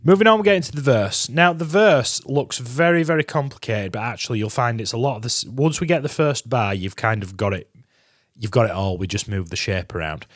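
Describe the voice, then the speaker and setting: A man's voice: mid-range voice, a little fast, no room sound, studio quality. A man teaching a guitar lesson, chatty and encouraging, counting beats aloud as he explains. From England. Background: guitar playing.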